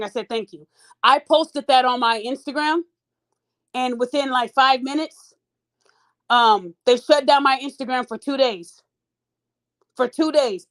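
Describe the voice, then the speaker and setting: A woman with a high, bright-pitched voice tells a story to her podcast listeners. Her delivery is casual and animated, and she keeps turning to them with "y'all" as she goes. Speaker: podcast host.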